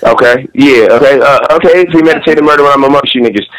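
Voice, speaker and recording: A battle rapper talking shop in a loose podcast conversation, slangy and animated, now and then reciting his own bars. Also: medium pitch, fast talker, low-quality recording. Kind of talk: casual podcast chat.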